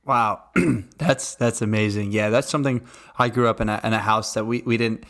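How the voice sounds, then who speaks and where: A man's voice: on the low side, steady tone, normal speed, fairly bright tone. A young man co-hosting a podcast who keeps asking questions and chuckles often. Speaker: podcast co-host. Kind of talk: casual podcast chat.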